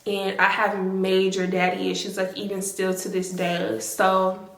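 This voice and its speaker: A young woman speaking at a middle pitch, talking straight to her viewers in a chatty storytime manner. Her voice has a roomy echo around it. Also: completely flat delivery, measured pace, creaky, fairly bright tone. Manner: chatty, talks to viewers directly, heavy filler use. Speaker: storytime vlogger. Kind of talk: casual storytime narration. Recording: echoey room.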